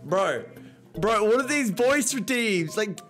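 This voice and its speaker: Young man, streamer, lively swinging voice, high-ish, swears a lot, music behind. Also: slow. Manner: excitable, swearing, talks to chat. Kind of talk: casual live-stream reaction.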